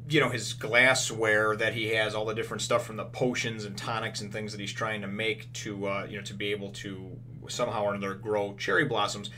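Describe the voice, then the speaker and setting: A man's voice: on the low side, bright, forceful tone, a little hiss or hum. A man casually recapping a comic chapter, rambling with many fillers and restarts. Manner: acts out characters' quotes in retelling. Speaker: manga reviewer.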